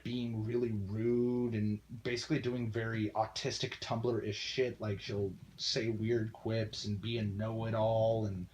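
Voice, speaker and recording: A man giving a casual, profane film review, ranting bluntly with lots of ums and uhs. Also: medium pitch.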